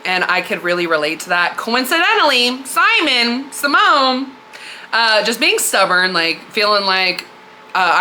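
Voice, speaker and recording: A woman's voice: on the high side, big pitch swings, moderate pace, sharp tone, a little hiss or hum. A woman hosting a podcast, retelling a story in a candid, slangy, conversational way. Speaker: podcast host. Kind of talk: casual spiritual storytelling.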